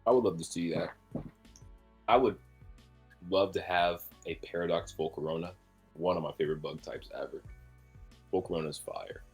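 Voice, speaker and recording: A man's voice: low-pitched, fairly even intonation, normal speed, pauses often, husky, faint music behind. A man co-hosting a podcast in a casual chat, talking enthusiastically and rambling with fillers. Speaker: podcast co-host.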